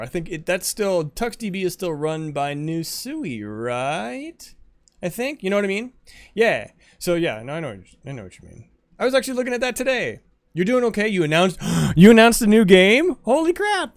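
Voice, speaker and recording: Man, game streamer, casual chat, lively up-and-down voice, slightly high pitch. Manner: chatty, reads out and answers chat.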